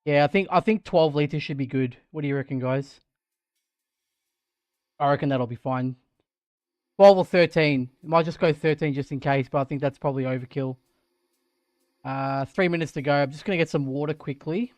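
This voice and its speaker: An Australian man chatting on a live stream while sim racing, thinking out loud and getting excited. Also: fairly high pitch, moderate pace, pauses often, no echo, clean studio sound. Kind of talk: live-stream gaming chat. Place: home sim racing rig.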